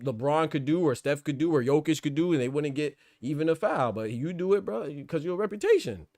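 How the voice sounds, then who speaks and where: A man's voice: fairly high pitch, lively intonation, brisk, darkish tone, dry recording, clean studio sound. A man hosting a casual boxing talk show, bantering in slang and laughing often. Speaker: host. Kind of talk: casual chat.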